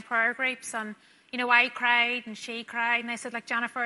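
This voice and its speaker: Young woman, nurse, storytelling testimony; bright, slightly high voice, softening in tender moments. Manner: earnest, storytelling, drops soft and quiet at tender moments. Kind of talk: personal testimony to a church audience.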